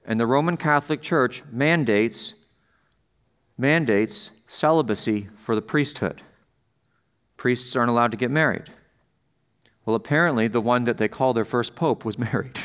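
This pastor speaks at a moderate pace with long pauses, his mid-range voice fairly bright. His sermon feels like a conversation, as he keeps checking in with the congregation, asks them questions, and raises his voice to emphasize key points.

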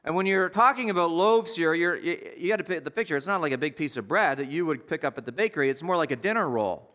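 A man's voice: high voice, animated, fairly quick, few pauses, a bit bright. A man preaching a sermon in a conversational, emphatic way, asking the listeners questions.

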